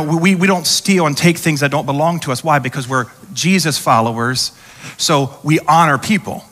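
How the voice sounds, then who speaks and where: Man, pastor, sermon, bright voice, big church hall reverb. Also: sits high. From United States. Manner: conversational preaching, acts out quoted voices, repeats words when restarting. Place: large church auditorium.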